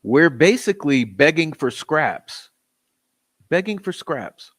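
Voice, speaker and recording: A man's voice: fairly high pitch, big pitch swings, slow, a bit bright. A man hosting a true-crime commentary channel, talking in a skeptical, exasperated way. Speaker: channel host.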